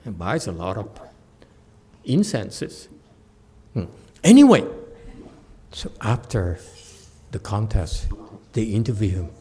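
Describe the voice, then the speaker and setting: A man's voice: on the low side, slow, long pauses. A man giving a Buddhist dharma talk as a meditation teacher, telling a story with laughs and acted voices. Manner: animated storyteller, laughs often, acts out the voices.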